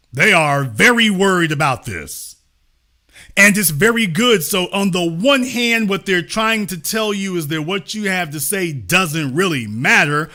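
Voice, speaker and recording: A middle-aged man delivers a live-streamed commentary monologue in a high, bright voice. His pitch swings widely as he hammers points home with preacher-like repetition and the odd curse word. The delivery is emphatic and driving. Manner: swears for emphasis. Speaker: host.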